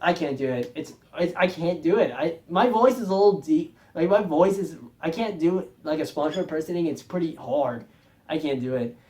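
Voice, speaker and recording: A man's voice: fairly high pitch, animated, fairly quick, darkish tone. A man talking casually on his video channel, rambling, correcting himself often and chuckling as he goes. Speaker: music video vlogger.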